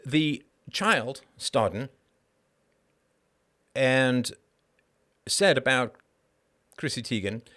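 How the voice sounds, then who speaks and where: A man's voice: medium pitch, lively intonation, very slow, pauses often, bright, forceful tone. A man hosting a live call-in show, delivering a heated monologue in an emphatic, blunt and profane way, with sardonic asides and rhetorical questions.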